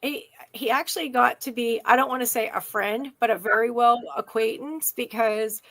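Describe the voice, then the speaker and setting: A woman with a fairly high voice chatting on a podcast, close and dry with no room sound. She talks in an easygoing way, retells conversations and laughs along. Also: moderate pace, vocal fry, fairly bright tone, no room sound. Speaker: podcast co-host. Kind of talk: casual chat.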